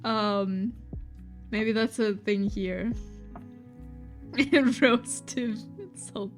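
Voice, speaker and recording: A woman with a German accent, chatting casually on her stream and reading chat aloud, giggly and full of restarts. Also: a little high. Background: faint lofi music.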